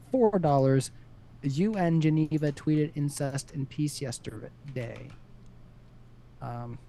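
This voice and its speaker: Mellow-voiced man reading chat donations. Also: fairly high pitch. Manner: reads donations aloud, laughs often, chipper. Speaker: stream moderator reading paid chat messages. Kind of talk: casual live-stream moderating. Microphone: close desk mic.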